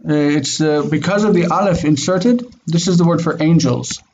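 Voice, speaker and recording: A man teaching a Biblical Hebrew class over a video call, drilling pronunciation slowly and patiently. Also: on the high side, a little mellow, a little hiss or hum, poor audio. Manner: slow, careful pronunciation drills.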